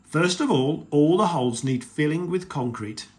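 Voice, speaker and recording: A man's voice: a little high, animated, moderate pace, darkish tone, natural voice. A man voicing a jolly, playful father pig in a read-aloud storybook, hearty and showy. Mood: cheerful.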